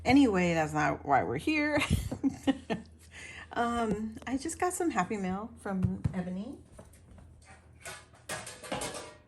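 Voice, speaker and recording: A woman hosting her own craft channel, chatting casually and gushing over items as she unboxes them, now and then clearing her throat. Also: mid-range voice, very noisy. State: recovering from illness, clears throat.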